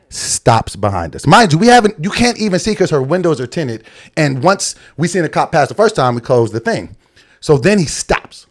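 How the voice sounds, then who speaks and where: A young adult man telling a story in casual podcast chat, acting out quotes and laughing often. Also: mid-range voice. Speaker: podcast co-host.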